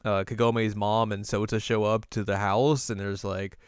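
A young man co-hosting a casual recap chat, laid-back and dropping into quick voices to quote characters. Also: lowish voice, level tone, smooth, no echo, clean studio sound. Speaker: podcast co-host.

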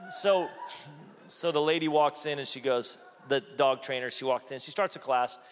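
A man in his forties preaching a sermon, telling stories with lively acted-out quotes. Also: medium pitch, normal speed, in a large hall. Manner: animated storytelling, acts out quotes. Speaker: pastor.

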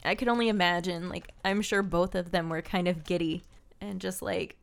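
A woman co-hosting a podcast, reacting emotionally with quick interjections in casual chat. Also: fairly low pitch, steady tone, vocal fry. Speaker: podcast co-host.

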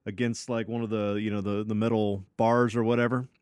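Smooth-voiced man telling a story. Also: on the low side, level tone, fairly quick, a little mellow, no echo, clean studio sound. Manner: loose and profane, full of fillers and restarts. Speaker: podcast co-host. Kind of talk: casual storytelling.

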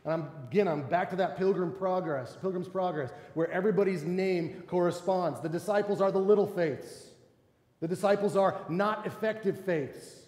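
A male pastor preaching a sermon in a church, acting out quoted voices with animated delivery. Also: high voice, normal speed. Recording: echoey church hall.

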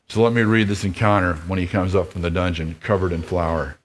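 A man's voice: deep voice, flat delivery, fairly quick, hardly any pauses. A male pastor preaching a sermon who reads a story aloud and speaks to his listeners in an earnest, reflective way.

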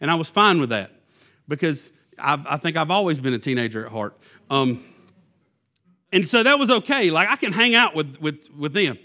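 Man preaching, higher voice. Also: very animated, moderate pace, sharp tone. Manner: conversational, self-deprecating, many fillers and restarts. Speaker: youth pastor. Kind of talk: sermon.

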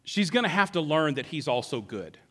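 A man preaching a sermon who acts out the characters' words in an animated way. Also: fairly high pitch, a little fast. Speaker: pastor.

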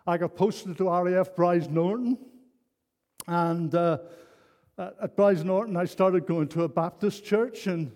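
A man's voice: high voice, a little mellow. An older man preaching a sermon, telling a personal story in an earnest, rambling way with many restarts. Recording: long hall reverb.

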